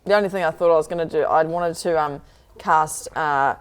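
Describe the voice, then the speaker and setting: A woman playing a tabletop game in casual chat, excitable and quick to cheer. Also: low voice, smooth. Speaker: player.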